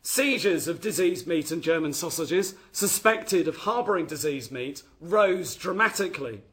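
His voice is on the high side, expressive and a bit bright, at a normal speed. The man is lecturing on history from his notes and often begins phrases again.

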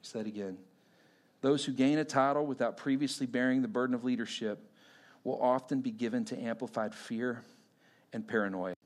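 A middle-aged man from Texas, a pastor telling a personal story in a sermon in an animated, conversational way with fillers. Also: mid-range voice, normal speed.

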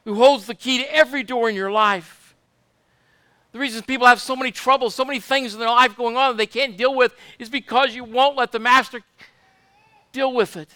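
High, bright-voiced man preaching. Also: clean tone, dry recording. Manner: fervent, repetitive, asks the congregation for amens. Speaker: pastor. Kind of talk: sermon.

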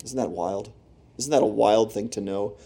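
A man preaching a sermon on Easter Sunday, telling a gospel story with lively asides to the congregation and swings from loud to hushed. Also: on the low side, moderate pace, breathy edge. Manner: animated storytelling, rising and dropping to near whispers; talks to the congregation directly with asides. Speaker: pastor.

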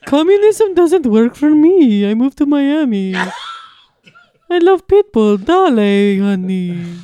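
Brief: woman doing a brash Cuban-accented lady, broken English, loud and swooping. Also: high voice, very animated, slow pace, full character voice. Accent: Cuban, put on. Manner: broken-English exaggerated lines, shouted.

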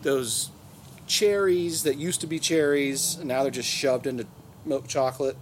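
A man's voice: medium pitch, fairly even intonation, a little slow, a little hiss or hum. A man telling a rambling, profane, joking story in a casual podcast chat. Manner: rambling, profane, acts out voices in anecdotes. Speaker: podcast host.

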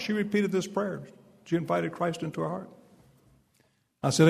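A man's voice: a little high, expressive, measured pace, creaky, pauses often, a little mellow, long reverb tail. A man preaching at a speaking event, telling a story with quoted dialogue and building to emphatic declarations. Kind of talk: speech at a fundraising event.

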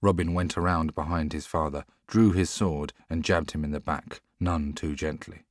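A man narrating an audiobook in a measured, steady storytelling manner. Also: rumbling low, no echo, studio quality. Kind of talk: scripted narration.

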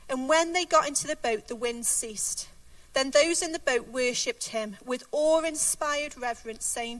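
Woman preaching, really high voice, earnest and emphatic, a bit off mic. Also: a little slow, a bit bright, recorded from a distance. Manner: earnest, emphatic, repeats key words. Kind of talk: sermon with scripture reading.

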